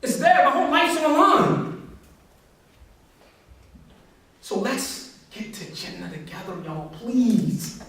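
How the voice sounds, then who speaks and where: A man's voice: very high voice, sing-song, slow, pauses often, a bit bright, far from the mic. Passionate man in an echoey hall. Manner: passionate, conversational, addresses audience directly. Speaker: speaker. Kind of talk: motivational religious talk.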